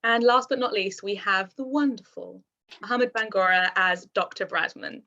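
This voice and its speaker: A woman's voice: medium pitch, moderate pace, pushed and bright. A young woman in her twenties hosting a video call cast introduction, talking in a put-on posh voice and giggling between lines. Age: 20s. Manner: giggly, upbeat. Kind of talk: casual chat. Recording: dull lo-fi video call audio.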